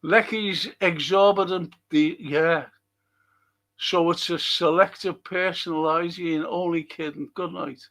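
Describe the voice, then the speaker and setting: A man's voice: a little high, gravelly, fairly bright tone. A man hosting a casual livestream, rambling as he reads viewers' chat comments aloud and swears now and then.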